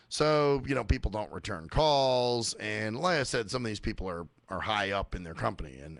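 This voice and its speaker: A man's voice: on the low side, expressive, moderate pace, fairly bright tone, no echo. A man hosting a radio show, ranting in a profane, sarcastic monologue. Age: adult working age.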